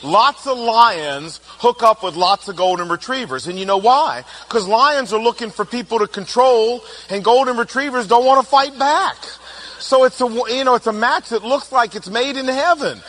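A middle-aged man giving a humorous, animated talk, telling family stories and acting out quotes. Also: very high-pitched, moderate pace. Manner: animated storytelling, playful, acts out quotes. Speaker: speaker on personality types.

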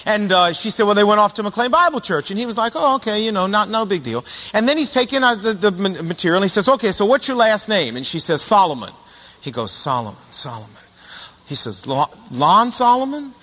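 A man's voice: sits high, expressive, fast, sharp tone, big-room sound. A middle-aged male pastor telling stories in a sermon, animatedly acting out the voices of the people in them. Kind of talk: sermon storytelling.

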